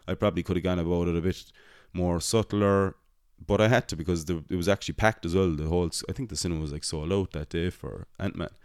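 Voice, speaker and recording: Man, young adult, very low voice, smooth and clear, dry close sound, rambling casual storytelling, frequent swearing. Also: fairly even intonation, fast, hardly any pauses, no echo. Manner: rambling, swears often, self-deprecating. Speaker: podcast host, cinema worker.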